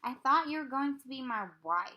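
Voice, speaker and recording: A curious, stubborn little boy from a storybook, as a woman reading aloud puts him on, slow and playful. The voice sits high and bright, with a lifted, sing-song lilt. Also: expressive. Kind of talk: reading a children's book aloud.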